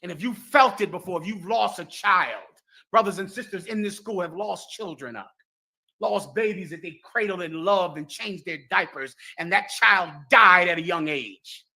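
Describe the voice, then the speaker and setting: Male preacher type, bright voice, solemn biblical delivery. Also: high voice, normal speed, gravelly. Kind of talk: sermon-like commentary.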